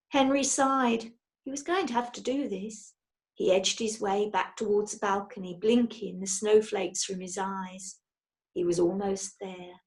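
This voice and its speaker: A woman reading a children's storybook aloud in a lively, expressive way. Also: medium pitch. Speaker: storybook reader.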